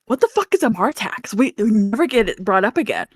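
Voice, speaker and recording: Female co-host, middle pitch, chatty and musing, dry recording. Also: very animated, fairly quick, husky, no room sound. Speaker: podcast co-host. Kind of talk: casual book discussion.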